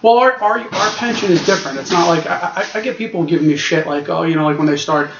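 A man in his forties, an iron worker guest, talking frankly and stumbling over the first words of his sentences. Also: fairly high pitch. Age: 40s. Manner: fast, frank, repeats himself when starting. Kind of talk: casual interview chat. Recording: echoey and lo-fi with clear noise.

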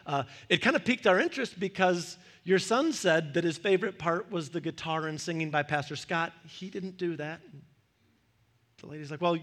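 A middle-aged male pastor preaching a sermon, telling a story with lively acted-out dialogue and frequent repeated phrases. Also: high-pitched.

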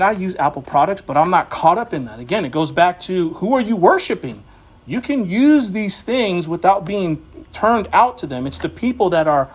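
A male preacher with a somewhat high voice, talking through scripture in a loose, conversational way. He leans hard on his points, and his voice climbs as he presses them. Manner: conversational, emphatic, rising to animated exhortation. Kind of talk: informal sermon teaching.

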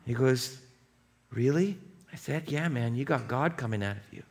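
A man's voice: mid-range voice, animated, a little fast, a little hiss or hum. A man in his thirties, a pastor giving a conversational, storytelling sermon that builds into impassioned preaching.

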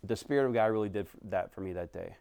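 A pastor, a man in his thirties, preaching a conversational sermon that swings from animated stretches to hushed, quiet passages. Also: on the low side, fast, creaky, clean tone, no room sound.

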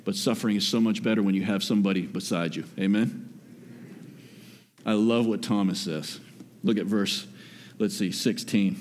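A man preaches with a high-pitched voice that rings out in a reverberant church hall. He swings between loud, rising calls and quiet, low asides. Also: lively intonation, moderate pace. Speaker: pastor. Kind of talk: sermon.

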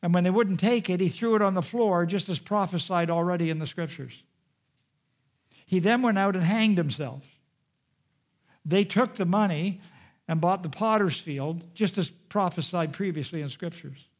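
A man preaching a sermon, retelling a scripture story with dramatic swings from raised, urgent delivery to hushed, quiet passages. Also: sits high, moderate pace. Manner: dramatic storytelling, rising loud and dropping hushed.

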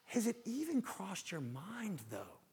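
A male pastor giving a sermon, asking rhetorical questions and swinging between raised emphasis and hushed, low asides. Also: huge pitch swings, unhurried, breathy edge, long reverb tail.

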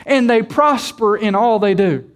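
A man with a very high voice preaches to his congregation. He leans hard on key words, repeating and drawing them out, and stops to put questions to the room. It sounds like a pastor at the pulpit of a church. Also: measured pace. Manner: addresses the congregation directly with questions. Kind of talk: sermon.

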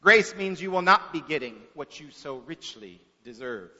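A man voicing a calm, stern older school principal who speaks in a measured, solemn way, heard in an echoey hall on a dull recording. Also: on the high side, exaggerated voice. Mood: gentle. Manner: measured and solemn, sometimes hushed.

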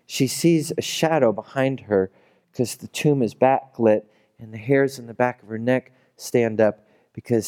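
A pastor delivers a sermon in a loose, conversational storytelling style, acting out the characters as he goes. His voice sits at a medium pitch with a dark tone.

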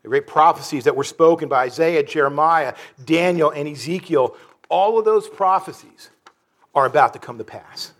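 A male pastor delivers a sermon in a somewhat high voice. He talks earnestly and haltingly, stumbling over restarts and fillers. On phrases of sorrow he sinks low and soft.

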